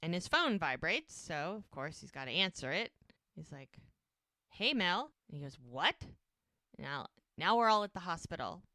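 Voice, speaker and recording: A woman co-hosting a podcast, casually recapping a TV episode and acting out the characters' lines in quick voices. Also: on the low side, very animated, pushed and bright, dry recording. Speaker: podcast co-host.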